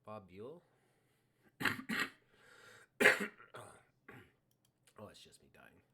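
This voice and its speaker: A man's voice: low voice, animated, measured pace. A man streaming a baseball card game live, muttering his picks to himself in a self-mocking way, with faint clicking behind him.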